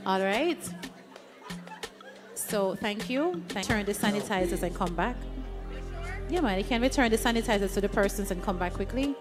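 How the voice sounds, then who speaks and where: A woman's voice: medium pitch, expressive, a little slow, pauses often, soft background music. A Jamaican woman hosting a live event, chatty and playful as she teases the audience. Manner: playful, chatty, teasing the crowd. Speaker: event host leading an audience activity.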